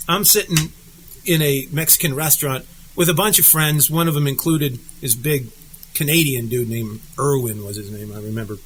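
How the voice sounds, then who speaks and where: A man from the United States co-hosts a casual talk show of political chat, telling stories animatedly and acting out the quotes. His voice is fairly high, and the recording is low quality with slight background noise.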